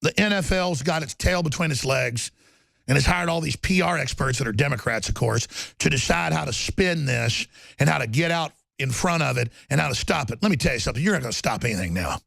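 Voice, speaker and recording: A man hosting a political talk show, delivering an angry rant with shouting and repeated lists. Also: a little high, lively intonation, brisk, creaky, dry recording. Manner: ranting, often shouting, repetitive lists.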